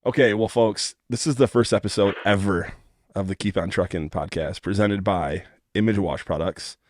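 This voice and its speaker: A man with a Midwestern American accent hosting a podcast, asking questions in a relaxed, conversational way. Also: fairly low pitch, normal speed, no echo. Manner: upbeat announcer delivery in the intro, relaxed conversational questions after. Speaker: podcast host. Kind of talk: scripted show intro, then casual interview.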